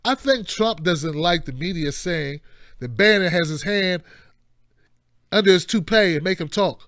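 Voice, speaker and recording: A male talk-show host giving casual political commentary with a quick, joking, slang-filled delivery. His voice sits high for a man. The sound is close and dry with no room around it. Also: animated, a bit bright, dry recording. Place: indoor home studio.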